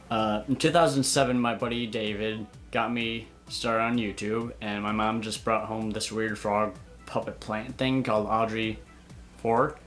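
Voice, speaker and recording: A man's voice: mid-range voice, a bit bright. A young man, a puppeteer, casually answering viewer questions in a candid, chatty way. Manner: candid, chatty, hesitant fillers. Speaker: puppeteer and video maker. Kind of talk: casual Q and A vlog.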